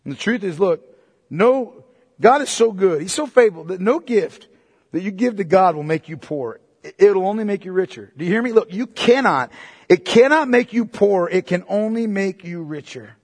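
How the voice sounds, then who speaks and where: A man preaching a sermon as pastor, emphatic and repetitive, swinging between loud and hushed delivery. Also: high-pitched, expressive, normal speed, slightly rough, in a large hall.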